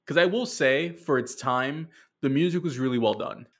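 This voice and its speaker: In casual chat, a man co-hosting a podcast rambles along with plenty of "like" and dry sarcasm. His voice is mid-range and fairly bright, moving at a normal speed, and he leans heavily on fillers.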